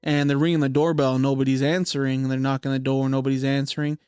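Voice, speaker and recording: A man's voice: medium pitch, little pitch movement, quick pace, a little mellow, clear, resonant tone, dry recording, clean studio sound. A young man hosting a podcast, casually retelling a spooky story with lots of fillers and swearing. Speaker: podcast host.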